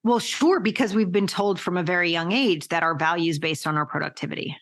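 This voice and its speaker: A woman guest on an interview podcast, talking in an animated, emphatic way with casual swearing. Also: lowish voice, a little fast.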